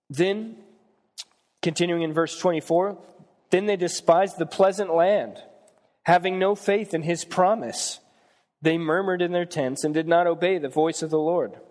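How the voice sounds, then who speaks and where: A man's voice: fairly high pitch, a little mellow. Preacher man in a reverberant hall. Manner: retells Bible stories in plain conversational terms. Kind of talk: sermon with scripture reading.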